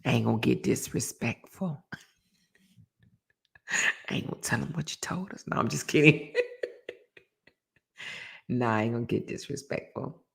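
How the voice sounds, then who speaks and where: A middle-aged woman, hosting a casual live stream and telling a story, acting out quoted voices with sudden high jumps. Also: normal speed, creaky, long pauses. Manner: animated storyteller, acts out quoted voices with big pitch jumps. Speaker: host of a live relationship talk show.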